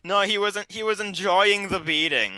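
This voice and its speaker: A young man reading a fan story aloud for laughs with sarcastic, quick-witted asides. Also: high voice, pushed and bright, no echo. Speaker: co-host.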